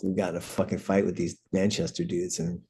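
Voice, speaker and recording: A man's voice: sits low, level tone, brisk, mellow, a little hiss or hum. A middle-aged man, a punk singer guesting on a podcast, telling stories in a rambling, profane way full of "like". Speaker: guest, punk band vocalist. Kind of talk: casual storytelling.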